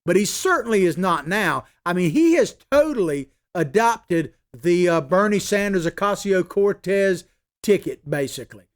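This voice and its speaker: Male talk-show host, high-pitched voice, emphatic, folksy political commentary. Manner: emphatic, repeats points for stress; folksy asides and fillers.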